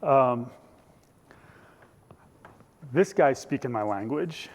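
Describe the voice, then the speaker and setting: A man's voice: medium pitch, expressive, very slow. A man preaching a conversational, jokey sermon as pastor, acting out voices from the scripture. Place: church sanctuary. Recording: church hall reverb.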